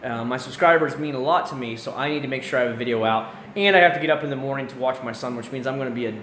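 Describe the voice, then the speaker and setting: Guy rambling to his viewers late at night, bright voice, echoey room w/ a little hiss. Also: medium pitch, racing. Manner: rambling, casual, chats with viewers by name. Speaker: livestream host. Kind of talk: late-night livestream chat. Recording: roomy echo with faint room noise.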